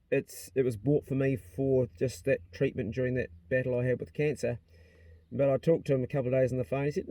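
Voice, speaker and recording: A man's voice: medium pitch, dark tone, no echo. A middle-aged man with a New Zealand accent, chatting candidly on a casual vlog, rambling with slang and fillers, filming on a phone. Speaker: vlogger. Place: in a car and outdoors. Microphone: phone held while driving.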